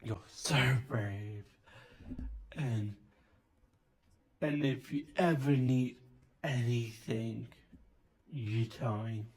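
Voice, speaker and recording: A woman's voice: very deep voice, drawn-out words, long pauses, warm tone, full character voice. A woman putting on the voice of an overly affectionate drunk person who repeats herself sentimentally. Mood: drunk gushing. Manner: slurring, sentimental, repetitive.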